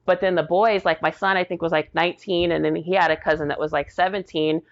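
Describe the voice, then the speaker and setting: Woman, 40s, veteran interview guest; lower voice, animated storyteller, muffled lo-fi sound. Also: fast talker. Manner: lively retelling, acts out quoted dialogue. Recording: dull lo-fi audio.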